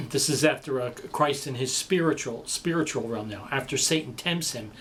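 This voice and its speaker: A man's voice: medium pitch, moderate pace, slight background noise. Male preacher with dramatic delivery. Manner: dramatic, swings between loud emphasis and quiet. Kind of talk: sermon.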